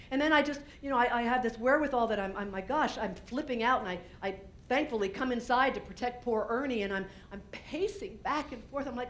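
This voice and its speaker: A woman speaker tells a personal story to a conference audience, candid and animated. Her voice sits a touch high, and she keeps acting out her own lines with frequent restarts. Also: a little fast. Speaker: keynote speaker and business owner.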